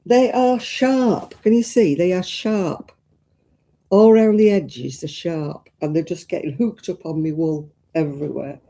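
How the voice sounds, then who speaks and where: During a crafting live stream, a woman crochets while casually chatting, welcoming viewers and fretting out loud over her work. Her voice is deeply mellow and warm, her talk homey and packed with exclamations, and she speaks at a normal speed.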